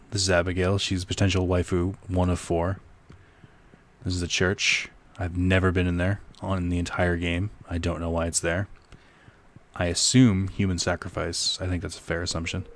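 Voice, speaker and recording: A man's voice: deep voice, monotone, normal speed. A young man giving casual let's-play commentary, rambling and joking with profane asides. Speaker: gaming streamer.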